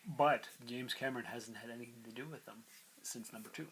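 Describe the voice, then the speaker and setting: A man's voice: medium pitch, a little fast, a bit bright, husky, poor audio. A man co-hosting a podcast, chatting casually and reading movie and TV news items aloud with asides. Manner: reads entertainment news items aloud with side comments. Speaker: podcast co-host.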